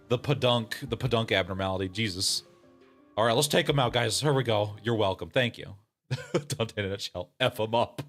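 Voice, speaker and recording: A man's voice: mid-range voice, a little fast, a bit bright, soft background music. A man streaming a game in casual let's-play commentary, joking, laughing often and reading game lines aloud.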